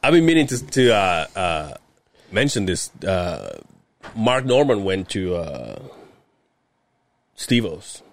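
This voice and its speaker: A man's voice: low voice, big pitch swings, slow pace, gravelly, pauses often. Rambling, foul-mouthed man telling stories. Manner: rambling storyteller, swears a lot, frequent fillers and laughs. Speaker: podcast co-host; heavy equipment operator. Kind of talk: casual chat.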